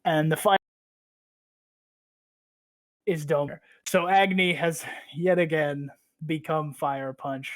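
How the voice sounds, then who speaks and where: A man with a somewhat high voice hosts a podcast and recaps a story in loose, rambling chat. He swears freely and fills his talk with "like". The sound is dry and close, with no room around it. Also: little pitch movement, measured pace, long pauses, dry recording. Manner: rambling, profane, heavy use of "like". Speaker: podcast host.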